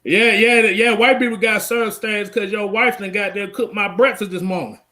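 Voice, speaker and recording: A man's voice: sits high, steady tone, moderate pace, pushed and bright. A man co-hosting a live sports talk stream, joking and repeating himself in loose banter. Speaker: podcast co-host.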